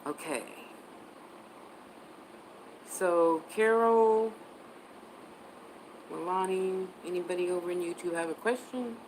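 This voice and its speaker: A woman's voice: fairly low pitch, slow pace, long pauses, a little mellow, a little hiss or hum, low-quality recording. A woman on a casual livestream as a psychic reader, chatting and answering viewer comments, sometimes spelling words out.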